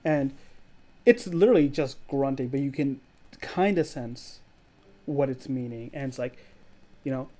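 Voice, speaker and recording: A man's voice: medium pitch, expressive, unhurried, warm tone. A man narrating a tabletop game as game master in a casual way, with many fillers.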